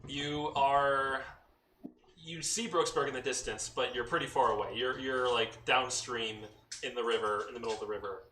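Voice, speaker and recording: A man narrates a tabletop game as its game master, relaxed and full of fillers. His voice is bright and forward. The sound is roomy, with him sitting back from the mic over a faint hiss. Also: mid-range voice, normal speed. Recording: roomy echo, mic at a distance, faint noise.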